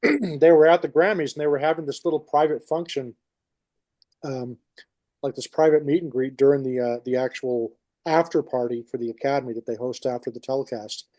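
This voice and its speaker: A man with a New York accent co-hosts a podcast in casual chat, his voice mellow and dark at a middling pitch. He tells stories in a rambling way, full of restarts, and the recording is dry and close with no room sound. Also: fairly quick, no room sound. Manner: rambling storyteller, many restarts. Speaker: podcast co-host.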